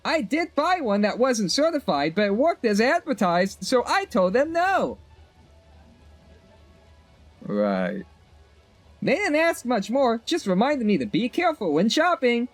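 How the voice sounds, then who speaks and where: A bubbly young shopkeeper girl chirps along in a strained, squeaky falsetto, as a man puts her on while reading game dialogue. Her sing-song service patter swoops up and down, with faint music underneath. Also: wildly swooping pitch, measured pace, pauses often, dry recording, exaggerated voice. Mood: chatty. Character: chatty young female shopkeeper, cheery. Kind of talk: game dialogue voiced by a streamer.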